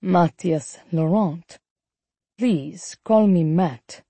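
A woman voicing a smooth older male executive with a French accent who speaks in a suave, unhurried, politely charming way. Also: fairly low pitch, warm tone, no room sound, full character voice.

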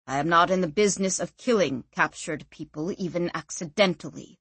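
A woman's voice: fairly low pitch, fairly quick, fairly bright tone, breathy edge, no room sound. Stern male guard captain, formal and dry, read by a woman narrator, close and dry. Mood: stiff.

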